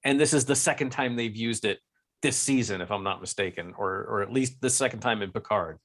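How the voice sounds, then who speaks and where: A man's voice: on the low side, brisk, fairly bright tone. An American man co-hosting a podcast, rambling through casual chat with lots of fillers and restarts. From United States. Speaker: podcast co-host.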